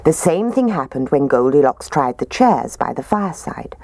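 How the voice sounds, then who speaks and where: A woman reading a children's storybook aloud in an expressive, sing-song way. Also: low voice, moderate pace, dry recording.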